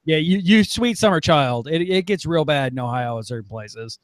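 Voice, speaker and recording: A woman's voice: low voice, animated, moderate pace, no echo. A woman co-hosting a casual podcast chat, with wry, joking asides.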